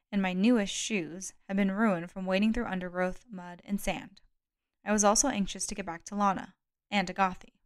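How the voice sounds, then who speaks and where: A woman narrating a novel as an audiobook in a steady, measured reading. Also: medium pitch, clean tone. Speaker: audiobook reader.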